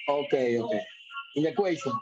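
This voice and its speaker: A student in an online English lesson, speaking in hesitant, halting learner English. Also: mid-range voice, lively intonation. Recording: dull lo-fi call audio with faint music.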